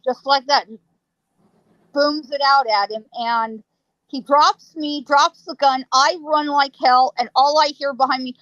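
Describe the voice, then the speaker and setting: A woman, a psychic guest, telling a ghost story in a lively way, laughing often and acting out sounds. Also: sits high, unhurried, dry recording, lo-fi sound.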